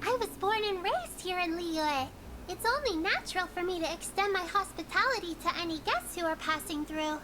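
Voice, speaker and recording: A woman's voice: very high voice, expressive, normal speed. A woman voicing a polite, caring little girl who speaks formally, heard through game audio. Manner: formal and well-mannered. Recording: game audio with background noise.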